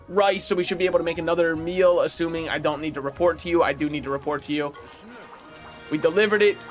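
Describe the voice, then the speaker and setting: Male gaming streamer, higher voice, rambling and opinionated, chuckles a lot, faint music behind. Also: fairly bright tone. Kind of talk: casual livestream chat while playing.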